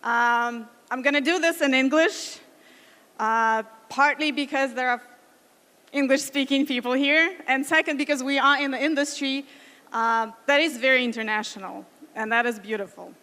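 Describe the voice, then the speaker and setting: A woman in her thirties speaking on a conference stage. Her voice sits somewhat high, and it rings with the long reverb of a large hall. She talks earnestly, in careful second-language English, with many fillers and restarts. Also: moderate pace, pushed and bright. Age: 30s. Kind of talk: conference talk.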